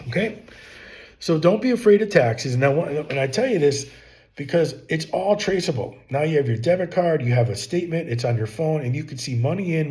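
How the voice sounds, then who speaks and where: A man's voice: mid-range voice, darkish tone. A middle-aged man hosting a business channel, giving plainspoken casual advice with repetitive, emphatic asides.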